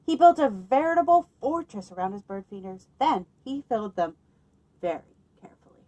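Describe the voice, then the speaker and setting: A woman's fairly high voice comes through a muffled recording as she reads a picture book aloud at a library story time. Expressive and animated, she pauses to ask the children questions.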